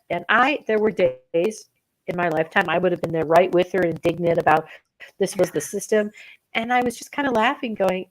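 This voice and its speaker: A woman co-hosting a casual spiritual chat, retelling an everyday story in an animated way. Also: medium pitch, rough recording. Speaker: co-host.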